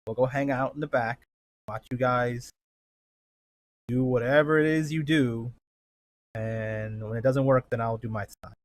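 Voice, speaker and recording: A man's voice: mid-range voice, unhurried, long pauses, slight background noise. Laid-back man player. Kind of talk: casual table talk.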